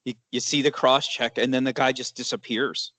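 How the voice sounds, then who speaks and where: A man co-hosting a casual sports chat, talking in a measured, hesitant way with many fillers. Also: medium pitch, level tone, a bit bright, no room sound. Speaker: sports podcast co-host.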